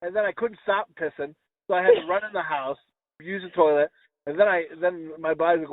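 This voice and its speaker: A man's voice: sits high, big pitch swings, brisk, vocal fry, dry recording. A man hosting a casual comedy podcast, telling rambling, profane stories. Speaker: podcast host. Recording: tinny phone-like call audio.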